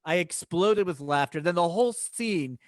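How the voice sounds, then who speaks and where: A man, an improv teacher guesting on a podcast, telling animated stories in casual chat and laughing often. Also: high voice, moderate pace, no echo, studio quality.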